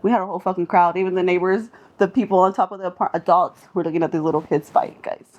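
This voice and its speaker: A woman's voice: lowish voice, fast, lo-fi sound. A young woman from Southern California, a singer guest on a podcast, telling street stories in a casual, profane way, laughing often and acting out what people said. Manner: animated, laughing, acts out quotes.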